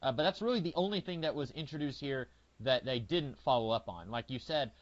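A man co-hosting a podcast chats about TV in an easygoing, hesitant way, dropping in many fillers. His mid-range voice moves a little fast, and the podcast audio is muffled and lo-fi.

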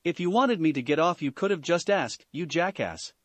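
A man voicing a brash, defiant teenage boy ninja who snaps back rudely and yells. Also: a little high, expressive, moderate pace, no echo. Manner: snappy, rude, yelling.

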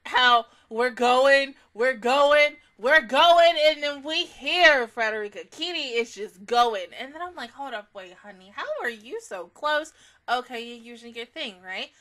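Young woman, anime reaction host, bright voice, slightly high, gushing and emotional, swears a lot. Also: expressive, moderate pace. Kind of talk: casual reaction review.

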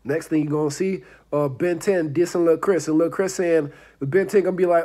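A man hosting a casual commentary vlog, rambling and often trailing off into low mumbles. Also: steady tone, brisk, dark tone. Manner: rambling, keeps repeating "I don't know", trails off into mumbles. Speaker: vlog host.

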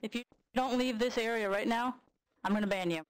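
A woman's voice: a little high, fairly quick, crowd noise. A woman acting as a game server admin in voice chat, speaking bluntly and firmly. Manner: blunt, firm, unbothered. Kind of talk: casual gaming voice chat.

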